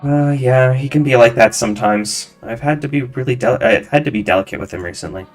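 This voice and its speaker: A man reading game lines for a gentle woman friend who tends a bar, in a soft, sympathetic way close to his own voice. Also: mid-range voice, a little fast, soft background music, natural voice.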